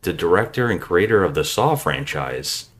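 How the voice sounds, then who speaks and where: A deep-voiced man hosts a casual movie podcast, his pitch swinging widely as he jokes and swears through quick banter. He keeps things loose and conversational. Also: big pitch swings, a bit bright. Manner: joking, profane, quick banter. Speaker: podcast host.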